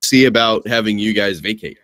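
Lowish male player negotiating in character. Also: brisk, fairly bright tone, no echo. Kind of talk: in-character tabletop play.

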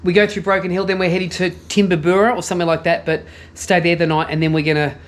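A man's voice: high voice, flat delivery, quick pace. An Australian man vlogging a motorbike road trip, teasing his companion with cheeky questions.

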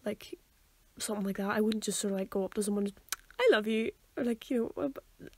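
A woman's voice: mid-range voice, fast talker, a little hiss or hum. A young woman, co-hosting a casual podcast, talking hesitantly with many restarts. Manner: hesitant, full of likes and restarts. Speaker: podcast co-host. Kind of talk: casual chat.

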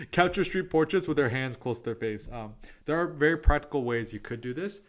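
A man's voice: a little high, expressive. Chatty man giving a photo presentation. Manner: chatty and quick, with many fillers and "I'm like" asides. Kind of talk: casual presentation with anecdotes.

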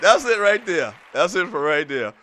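Animated high-voiced talk show host. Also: male voice, normal speed. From South Carolina Lowcountry. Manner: animated, rambling, with many fillers. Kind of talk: solo radio talk monologue.

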